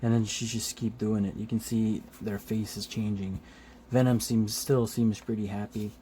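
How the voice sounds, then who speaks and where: Fairly low in pitch, with slight background noise, this comic book host leafs through an issue in a relaxed commentary. Frequent chuckles, plenty of fillers like "uh," casual cursing, and brief impressions of the characters' lines fill his talk.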